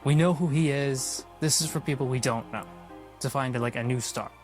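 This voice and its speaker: A man's voice: medium pitch, moderate pace, a little mellow, soft background music. Blunt, swearing male wrestling reviewer. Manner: blunt, profane, opinionated. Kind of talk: casual recap vlog.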